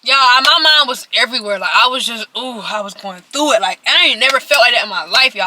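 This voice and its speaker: A woman's voice: on the high side, expressive, normal speed, pushed and bright, slight background noise. An eighteen-year-old woman telling a personal story to her viewers while eating, in a chatty way that speaks straight to them. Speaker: vlogger.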